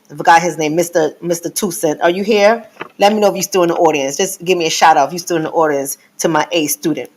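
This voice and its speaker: A middle-aged woman hosting a live stream, who lectures her viewers in a teacherly way and repeats her points. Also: deep voice. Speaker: host.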